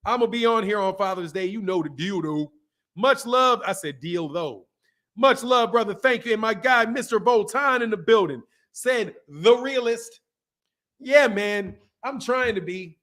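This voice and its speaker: A man from the Midwest hosts a casual boxing live stream in a high voice. He jokes loosely with his audience and reads chat comments aloud. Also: animated, measured pace, fairly bright tone. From American Midwest. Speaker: boxing channel host.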